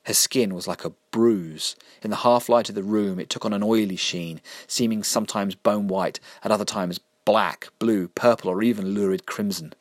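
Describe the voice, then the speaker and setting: A man reading a dark story aloud in a steady, measured narration. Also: fairly low pitch, no room sound, studio quality.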